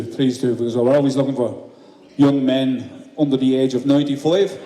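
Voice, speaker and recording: A man's voice: medium pitch, steady tone, normal speed. Man joking over a noisy crowd. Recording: echoey hall with loud crowd and noise.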